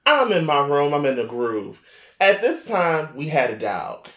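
A man, telling a Christmas story on a casual podcast in a lively, laughing, slangy way. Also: on the high side, unhurried, echoey room. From New York tri-state area.

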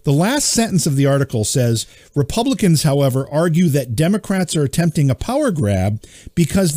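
A man hosting a political talk show, reading out news with sarcastic exasperation and dropping low on his punchlines. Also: very animated, fairly quick, warm tone, dry recording, studio quality. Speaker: show host.

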